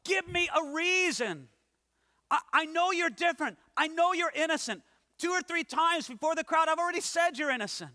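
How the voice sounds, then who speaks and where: A man's voice: very high voice, lively intonation, normal speed, sharp tone, pitched above the performer's own voice, heavily acted. A man voicing a domineering, exasperated male Roman governor, insistent and stammering over his words. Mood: baffled. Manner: pleading, insistent, stammering repeats. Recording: long hall reverb.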